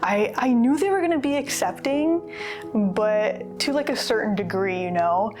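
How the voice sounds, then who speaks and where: A woman's voice: fairly high pitch, lively intonation, normal speed. A young woman speaking earnestly and chattily in a personal interview, with casual fillers. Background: guitar music.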